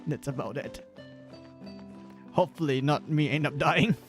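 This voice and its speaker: A man's voice: on the high side, slow pace, pauses often, faint music behind. A man with a Southeast Asian English accent casually joking and rambling with fillers while streaming a game.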